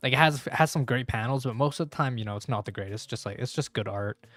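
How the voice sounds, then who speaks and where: A man's voice: mid-range voice, quick pace, a bit bright, no room sound. A young man streaming live and reacting as he reads manga. His talk is slangy and rambling, full of fillers, with faint music behind. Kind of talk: casual live-stream commentary.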